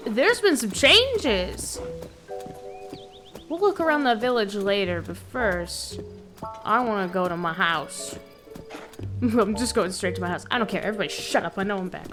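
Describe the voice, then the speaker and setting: A young woman streaming a video game, swinging between loud excitement and low muttering as she talks. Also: normal speed, over music. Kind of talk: casual gameplay commentary.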